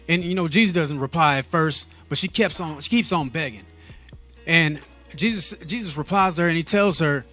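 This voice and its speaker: A man's voice: on the high side, normal speed, bright, forceful tone, soft background music. A man telling a personal faith story in a casual, earnest way, often repeating and restarting his words and laughing between phrases. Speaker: vlogger sharing a faith testimony.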